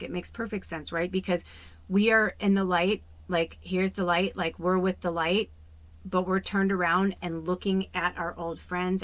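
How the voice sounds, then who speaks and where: Low-voiced woman rambling through a card reading. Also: poor audio. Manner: rambling, animated, often drops to a hushed aside. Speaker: psychic medium giving a card reading. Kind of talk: casual spiritual card reading.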